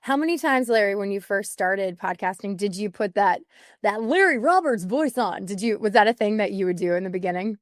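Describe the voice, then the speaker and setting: A woman hosting a podcast, chatting in a lively, friendly way. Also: mid-range voice, fast talker, hardly any pauses, no echo, clean studio sound. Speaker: podcast host, voiceover artist. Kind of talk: casual conversational interview.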